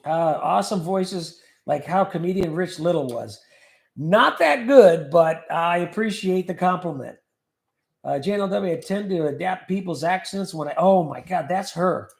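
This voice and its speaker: Viewer comments get read aloud by this man as he hosts a livestream, joking and chatting casually. His voice is high, gravelly, and darkish, at a normal speed, in a room with noticeable echo.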